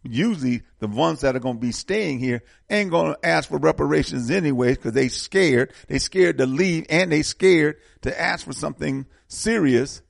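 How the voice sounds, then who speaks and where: A man hosts a casual political talk show, speaking with passion and repeating words as he builds momentum when fired up. His voice is a little high and gravelly, at a moderate pace with hardly any pauses, in studio-quality audio without echo.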